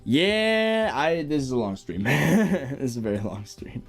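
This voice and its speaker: A young American man with a General American accent chats casually on a live stream, answering viewer messages and chuckling often. His mid-range, gravelly voice moves a little slowly but with a lively up-and-down, laid-back delivery, over soft background music.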